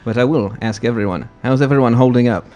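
A man player narrating his character's actions in a relaxed, matter-of-fact way. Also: mid-range voice, quick pace, faint music behind.

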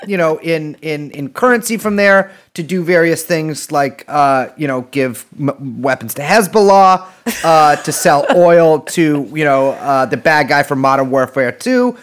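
This man's voice sits on the high side with a slightly bright edge. Co-hosting a podcast, he rambles through casual, jokey talk full of restarts and profanity.

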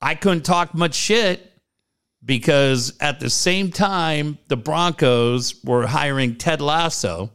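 A man's voice: fairly high pitch, slow pace, fairly bright tone, clean tone. Profane, mocking man on sports talk. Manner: profane, mocking storyteller who mimics people. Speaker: sports radio co-host.

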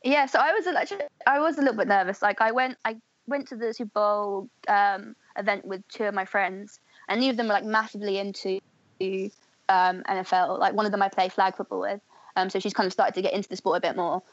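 Fast-talking young woman on a dull line. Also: mid-range voice, fairly even intonation, no room sound. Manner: chatty, filler-heavy, friendly. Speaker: podcast guest, fan. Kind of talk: casual podcast interview.

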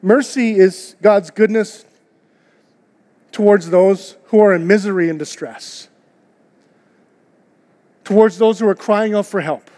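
A man's voice: sits high, takes it slowly, pauses often, a little mellow. A man preaching a sermon to his church in an earnest, conversational way, asking his listeners rhetorical questions. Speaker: pastor. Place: church auditorium. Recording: long hall reverb.

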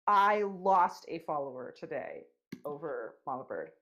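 A woman co-hosting a podcast in casual chat, playful and quick to joke. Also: deep voice, lively intonation, bright, forceful tone. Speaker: podcast co-host.

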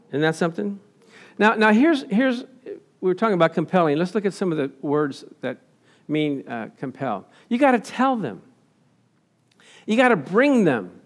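High-voiced, lively preaching pastor. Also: male voice, moderate pace, long pauses. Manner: animated, asks the congregation questions and answers them; laughs often. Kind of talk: sermon with slides.

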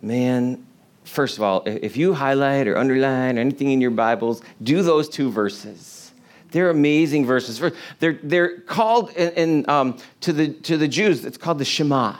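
A man's voice: mid-range voice, moderate pace. A man preaching an informal sermon to a congregation in a room, earnest and conversational, often restarting his phrases. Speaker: pastor.

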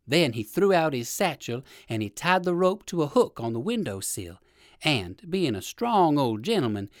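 Man reading a children's story, gentle and expressive, lively pitch, dry close sound. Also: dry recording. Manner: gentle, expressive read-aloud.

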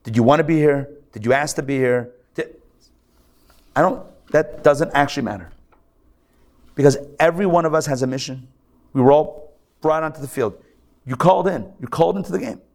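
Animated, gravelly-voiced rabbi preaching. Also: male voice, fairly high pitch, a little fast, pauses often. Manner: animated, joking, acts out mock quotes. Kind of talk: live sermon to a congregation. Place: synagogue hall.

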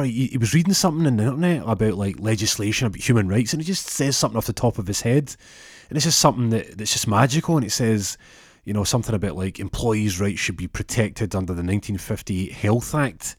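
Rambling male storyteller, very low voice, dry close mic. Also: expressive, a little fast, no room sound. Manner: rambling, meandering. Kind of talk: casual spoken storytelling.

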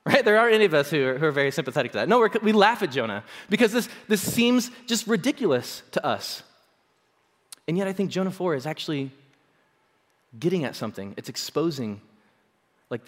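High-voiced man preaching in a reverberant hall. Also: fairly bright tone. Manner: conversational, playful, many "like"s and "okay?". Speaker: pastor. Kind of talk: sermon.

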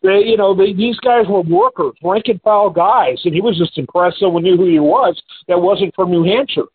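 Husky radio host on a thin line. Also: male voice, high voice, normal speed. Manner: animated storytelling, talks through fillers. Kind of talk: casual on-air chat. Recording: phone-like radio audio.

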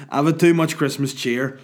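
A man in his thirties with a Northern Irish accent, hungover, telling crude, rambling, animated comic stories. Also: fairly high pitch. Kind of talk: casual comic storytelling.

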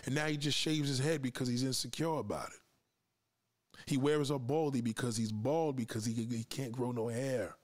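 A man's voice: medium pitch, fairly even intonation, normal speed. A man hosting a live podcast, lecturing his listeners in a confrontational, profane rant and daring them to push back. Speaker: podcast host.

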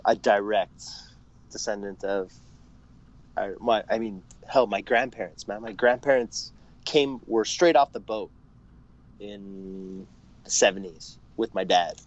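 A man's voice: on the low side, creaky, muffled recording. A man in his thirties from Canada, chatting as a podcast guest, laughing often and hesitating with lots of fillers and casual swearing. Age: 30s. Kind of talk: casual chat.

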